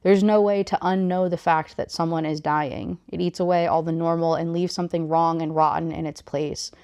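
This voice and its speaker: A woman reading the lines of a weary young man in her own slightly low voice, quiet and confessional. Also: level tone, moderate pace, smooth.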